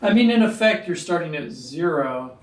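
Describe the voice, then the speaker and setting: A man teaching a calculus lesson at a whiteboard, clearing his throat often and talking through steps with fillers. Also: fairly high pitch, lively intonation, normal speed. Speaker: math teacher. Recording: echoey room, mic at a distance.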